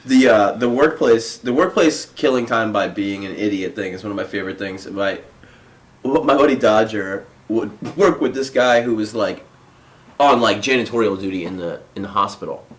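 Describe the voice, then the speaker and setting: A man's voice: lowish voice, normal speed. A man hosting a comedy podcast, telling a funny story in casual chat and laughing often as he goes. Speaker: podcast host.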